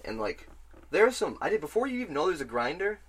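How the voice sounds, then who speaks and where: A man in casual podcast chat about a video game, rambling and excitable, swearing freely. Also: on the high side, quick pace, husky.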